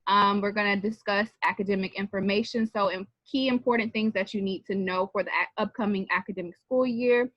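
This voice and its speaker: A woman's voice: medium pitch, steady tone, fairly quick, hardly any pauses, no echo. A woman presenting on a video call, walking students through a colloquium agenda in a friendly, chatty way with frequent ums. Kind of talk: casual presentation. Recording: dry, muffled video-call audio.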